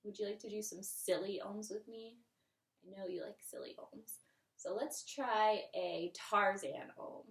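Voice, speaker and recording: Slow, gentle woman teaching kids yoga. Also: medium pitch, recorded from a distance. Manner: gentle, encouraging, playful; drops to whispers. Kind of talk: guided kids' yoga lesson. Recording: echoey room, voice from the mic.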